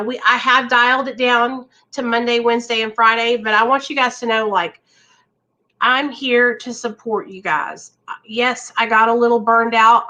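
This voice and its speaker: A woman's voice: a little high, bright, forceful tone, poor audio. A woman hosting a recovery live stream, talking straight to her viewers in an earnest, reassuring way. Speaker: recovery livestream host.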